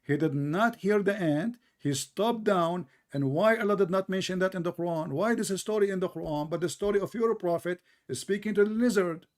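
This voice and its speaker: A combative debate host mocks his opponent in sarcastic, non-native English. His voice sits somewhat high for a man. He pushes his points hard and relentlessly. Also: fairly quick, hardly any pauses. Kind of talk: mocking religious debate.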